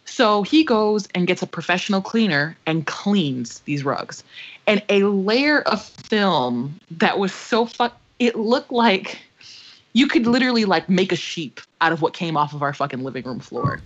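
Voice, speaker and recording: A woman's voice: mid-range voice, sing-song, measured pace. Young adult woman, casual podcast co-host, emphatic and swearing, lo-fi sound. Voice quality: profane, emphatic storyteller. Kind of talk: casual storytelling chat. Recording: dull lo-fi podcast audio.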